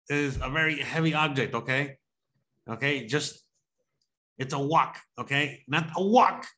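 A man streaming a game, chatting casually with loud, crude joking and plenty of swearing. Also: a little high. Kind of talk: casual gaming chat.

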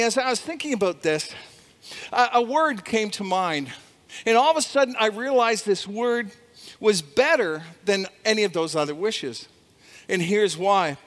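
A male pastor with a high voice gives a Christmas Eve devotional to people watching online. He talks in a friendly way, chuckles now and then and repeats his key phrases. His voice rings with a long reverb, as if he is speaking in a large hall. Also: a bit bright.

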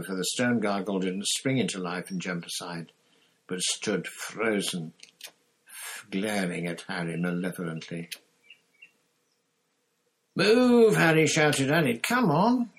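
A man narrating a storybook chapter in a steady reading voice, with an occasional slip and restart. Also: deep voice, slightly rough, low-quality recording. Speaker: audiobook reader.

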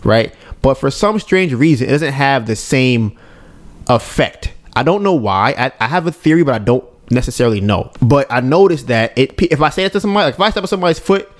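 This man, a podcast co-host, speaks a touch fast at medium pitch while telling a story about his own life in an easygoing, conversational manner. He's animated, voicing his own and others' lines and frequently addressing his listeners.

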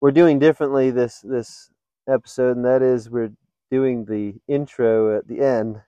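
A man hosting a casual podcast, spinning funny stories with lots of laughter. His pitch sits in the middle range. The sound is dry and close, with no room echo. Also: unhurried, clean tone, lo-fi sound. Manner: animated joke-telling, laughs often. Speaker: podcast host. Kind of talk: casual storytelling chat.

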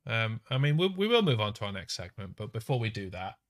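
A man co-hosting a comedy podcast, sardonic and swearing freely in deadpan grumbles. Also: on the low side, fast. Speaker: podcast co-host. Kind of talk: casual comedic chat.

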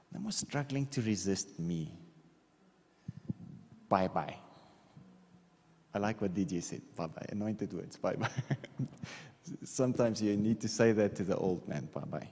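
A man's voice: on the low side, mellow. Man preaching in a reverberant hall. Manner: conversational, repeats okay, drawing on a board. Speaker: pastor. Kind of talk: sermon. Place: church hall.

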